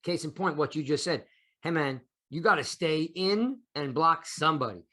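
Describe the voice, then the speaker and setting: High-voiced man chatting about football. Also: animated, normal speed, fairly bright tone. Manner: rambling, many restarts and fillers. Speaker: podcast host. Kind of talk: casual sports chat.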